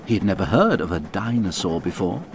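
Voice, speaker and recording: A man narrating a children's audiobook in a lively, expressive storytelling voice. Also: low voice, a little fast, noisy background.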